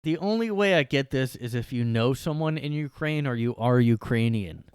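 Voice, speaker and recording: This man runs a casual solo podcast from his bedroom, sarcastically rambling and peppering his speech with "like." His mid-range, darkish, smooth voice has lively intonation and a moderate pace, recorded dry with clean studio sound.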